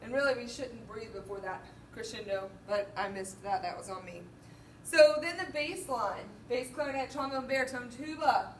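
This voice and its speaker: High-voiced band teacher counting beats aloud. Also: female voice, moderate pace. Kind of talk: music lesson walkthrough. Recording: roomy, distant mic, faint noise.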